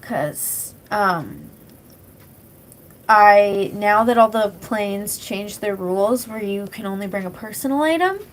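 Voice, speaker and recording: A woman's voice: medium pitch, lively intonation, takes it slowly, a little hiss or hum, low-quality recording. A young woman from British Columbia, streaming and chatting casually with her chat, rambling with lots of fillers and casual swearing. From British Columbia, Canada. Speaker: live streamer.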